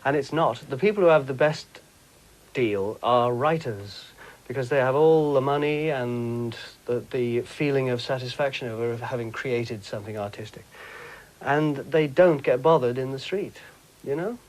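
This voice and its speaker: A man from England chats in an interview, camp and quick to giggle. His voice sits at a middling pitch. When he quotes people, it leaps into squeaky high impressions. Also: low-quality recording. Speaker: interviewee, comedian and broadcaster. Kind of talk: anecdotal interview chat.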